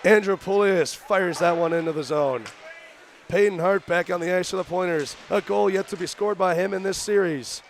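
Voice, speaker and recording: A young man doing radio play-by-play for a college hockey game, rattling off rapid calls that rise into shouts on shots. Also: high voice, slight background noise. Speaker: play-by-play announcer. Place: arena broadcast booth.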